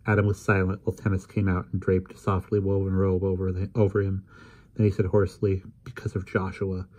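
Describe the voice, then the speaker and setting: A man reading a novel aloud in measured, unhurried narration. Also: low voice, monotone, darkish tone. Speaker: audiobook reader.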